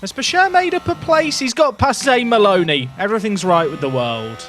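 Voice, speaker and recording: A young man live-streaming a racing game, excitable and jokey, shouting at the screen between commentary. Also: sits high, fairly quick, slight background noise.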